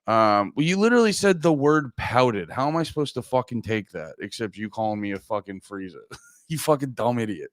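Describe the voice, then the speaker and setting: A man's voice: medium pitch, sing-song, fairly quick, no room sound. Male podcast host, groggy, rambling and profane, reads chat aloud, dry close sound. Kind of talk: casual livestream chat.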